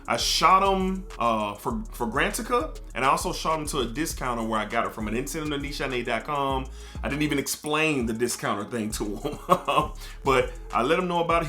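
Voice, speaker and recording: A man reviewing fragrances in a relaxed, storytelling way, with frequent fillers. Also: mid-range voice. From United States. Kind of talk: casual review talk to camera.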